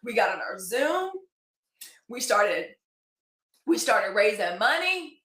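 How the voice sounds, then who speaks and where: A woman's voice: mid-range voice, big pitch swings, slow, a bit bright. A woman in her forties hosting a daily live news show, talking casually and wandering off topic while thanking viewers by name. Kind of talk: casual livestream chat. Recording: echoey room.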